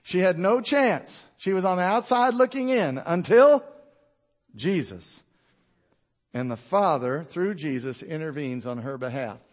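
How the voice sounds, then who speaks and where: A man pastor preaching a sermon, acting out Bible characters in quick voices and dropping low and quiet for emphasis. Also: expressive.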